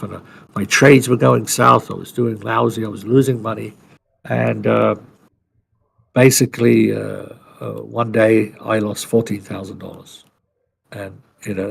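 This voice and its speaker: A man's voice: on the low side, gravelly, breathy edge. A male podcast co-host telling a personal story in a casual, blunt, salty way, rambling with restarts.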